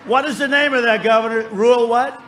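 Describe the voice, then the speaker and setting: A man in his seventies giving a rambling, repetitive, boastful campaign rally speech into a podium microphone, often shouting to the crowd. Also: very high-pitched, steady tone, fairly quick. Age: 70s. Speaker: politician addressing a rally. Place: large rally venue. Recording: noisy live rally sound.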